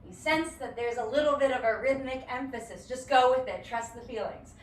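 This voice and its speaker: High-voiced woman counting dance steps. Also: fairly quick, distant mic, a little hiss or hum. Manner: counts beats aloud, playful and encouraging. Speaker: dance instructor. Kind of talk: live-streamed dance lesson. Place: home or studio room. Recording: echoey room, voice from afar.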